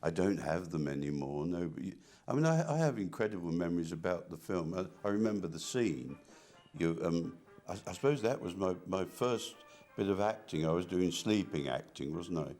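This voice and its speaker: An older man with a very low, deep voice talks through his memories in a relaxed interview. He stumbles and restarts often and repeats words as he goes. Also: normal speed, soft background music. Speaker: interviewee, artist. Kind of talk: casual reminiscing conversation.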